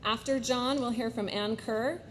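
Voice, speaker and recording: A woman moderating an event in a high school auditorium, briskly reading the speaker introductions from a program. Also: fairly even intonation, a little hiss or hum.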